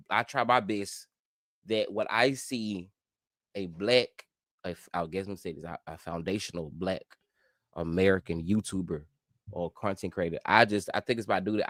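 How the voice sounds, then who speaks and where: Profane, rambling middle-aged Memphis man. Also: no room sound. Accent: Memphis Southern. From Memphis, Tennessee. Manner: rambling, profane, with frequent self-interruptions and restarts; animated, with sudden high-pitched exclamations. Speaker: YouTube commentary host. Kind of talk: casual vlog commentary.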